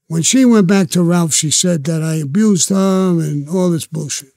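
An older man with a Brooklyn accent tells his stories in a blunt, profane street manner. His voice sits a little high but sounds dark and mellow. The room is dry and close. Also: normal speed, creaky, no echo. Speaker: interview guest. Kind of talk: storytelling interview.

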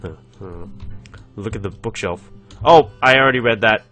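A man's voice: lowish voice, normal speed, pushed and bright, muffled recording, faint music behind. A young man hosting a casual let's-play, rambling, giggling and reading game text aloud. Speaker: gaming channel host.

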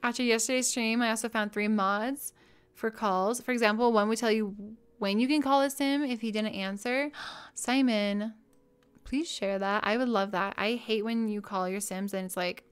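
A bubbly young woman streaming from home, chatting with her viewers in a fairly high voice. She gushes over things she likes and jumps from one thought to the next. Her talk is casual and personal, close on a desk mic. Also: normal speed, clean tone. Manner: bubbly, gushing, easily excited. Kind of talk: casual live-stream chat.

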